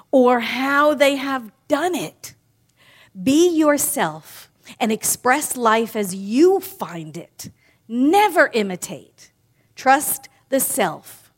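A woman minister giving a sermon, animated and playful, talking directly to her congregation. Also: fairly high pitch. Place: in front of a live congregation.

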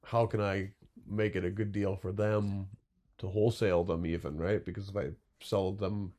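A young man with a lowish voice talks loosely and unhurriedly. He rambles, tosses in fillers and keeps checking in with "right?" as he goes. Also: flat delivery, normal speed, dark tone. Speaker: glassblower guest. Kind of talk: casual interview chat.

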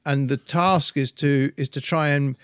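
A man's voice: a little high, steady tone, measured pace, fairly bright tone, clear, resonant tone, no echo, clean studio sound. A man co-hosting a casual podcast chat, speaking thoughtfully with frequent restarts. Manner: hesitant, many restarts and fillers, thoughtful. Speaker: podcast co-host.

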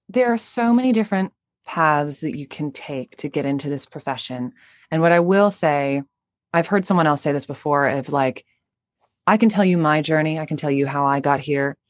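Low-voiced woman, bubbly guest. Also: dry recording, clean studio sound. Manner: bubbly, laughs often. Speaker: interview guest, actor. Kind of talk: casual interview chat.

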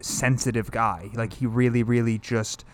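A man talking casually about a movie with a friend, his speech loose and rambling. He leans on "like" constantly and acts out bits of dialogue as he goes. His pitch sits in an ordinary middle range. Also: fairly even intonation, moderate pace. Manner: rambling, heavy use of "like", retells scenes with quoted dialogue. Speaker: film review podcast co-host. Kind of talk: casual chat.

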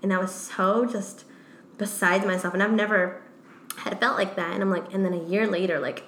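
A woman's voice: mid-range voice, steady tone, moderate pace, a bit bright. A woman in her thirties co-hosting a podcast, talking candidly and emotionally, laughing often and saying "like" a lot. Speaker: podcast co-host. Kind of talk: casual podcast chat. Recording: echoey room with faint noise.

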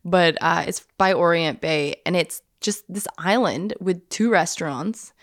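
A woman's voice: on the low side, measured pace, no echo, studio quality. A woman co-hosting a podcast, telling travel stories in casual chat and laughing often. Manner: chatty storyteller, laughs often. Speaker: podcast co-host.

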